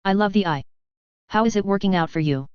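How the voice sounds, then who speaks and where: A woman reading the lines of a silky, scheming female deputy ambassador with a smooth, purring manner. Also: medium pitch, fairly quick, no room sound, close to an everyday voice. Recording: dull, muffled recording.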